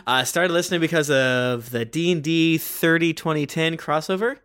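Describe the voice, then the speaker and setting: Podcast co-host, male, lightly higher register, brisk offhand review reader. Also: a bit bright, clean tone. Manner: quick, offhand reading with small asides. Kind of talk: casual chat, reading listener reviews aloud.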